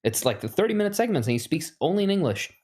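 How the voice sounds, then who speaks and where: A man in casual podcast chat, telling stories in a relaxed way with fillers. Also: on the high side, racing.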